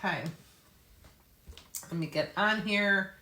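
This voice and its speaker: A woman's voice: mid-range voice, slow pace, bright, forceful tone. Chatty woman in an echoey room. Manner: chatty, upbeat, greets viewers by name. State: out of breath. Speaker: craft class host. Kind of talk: live-stream craft tutorial.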